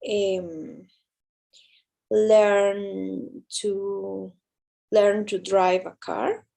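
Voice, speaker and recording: A woman student answering in a grammar class, halting and searching for words. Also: mid-range voice, level tone, gravelly, warm tone, low-quality recording.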